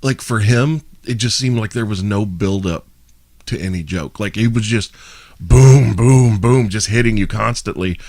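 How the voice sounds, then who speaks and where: A man co-hosting a podcast, telling a story in an animated, casual way. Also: on the low side, measured pace, no room sound. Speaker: podcast co-host.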